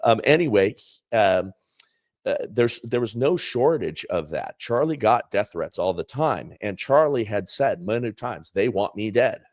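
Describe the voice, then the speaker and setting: A man with a fairly low voice talks in a loose, rambling way, full of fillers and restarts. He co-hosts a casual political chat show. The sound is dry and close. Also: very animated, measured pace, darkish tone, no echo. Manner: rambling, many fillers and restarts, acts out quoted people. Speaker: co-host.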